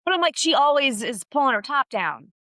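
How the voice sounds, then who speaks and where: Woman co-host, casual gossip podcast, bright, crisp and dry, blunt and opinionated. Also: high-pitched, a little fast, no echo. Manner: blunt, opinionated, animated storytelling.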